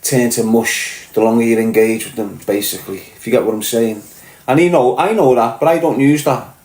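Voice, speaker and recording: A man with a Scouse accent holds forth in a casual podcast monologue, blunt and full of swearing, checking again and again that his listeners follow him. His voice sits at an ordinary pitch, and the room around him rings with a noticeable echo. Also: brisk, darkish tone. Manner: blunt, swearing, keeps asking "do you get what I'm saying". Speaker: podcast host.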